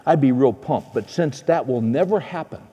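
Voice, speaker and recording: Husky-voiced middle-aged male preacher, echoey hall. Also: medium pitch, moderate pace, highs cut off. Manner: animated storyteller, swings from excited to hushed. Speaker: preacher and men's conference speaker. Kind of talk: storytelling sermon.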